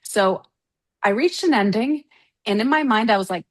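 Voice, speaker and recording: A woman who writes novels, co-hosting a casual podcast and telling stories in an animated, emotional way. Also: mid-range voice, moderate pace, creaky. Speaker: podcast co-host. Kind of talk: casual chat.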